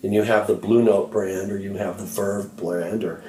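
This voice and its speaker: A man's voice: on the low side, moderate pace, echoey room, low-quality recording. A man working as a record producer, casually telling stories with profanity and acting out quotes. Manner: animated, profane, acts out quotes in raised voice. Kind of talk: casual storytelling chat.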